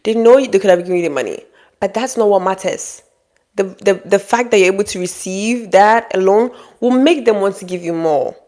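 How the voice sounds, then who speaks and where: A woman delivers relationship advice in a direct-to-camera monologue. Her voice sits in a middle register, and she talks bluntly with a scolding edge, breaking into high mock voices whenever she acts out what someone else says. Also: normal speed, darkish tone.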